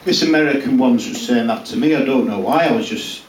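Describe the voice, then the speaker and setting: A man's voice: medium pitch, brisk, lightly acted. A man playing a blunt, rambling male Cumbrian farmer in a live stand-up character act, speaking crudely with a Cumbrian accent. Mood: brash. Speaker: character comedian. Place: small pub comedy room, live audience. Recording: roomy, distant mic, noisy live room.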